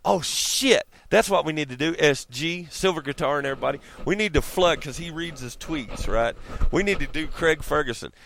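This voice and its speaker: A man's voice: a little high, normal speed, vocal fry, a bit bright. A man ranting casually to his viewers, profane and rambling, laughing often. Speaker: vlogger. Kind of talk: casual rant to camera.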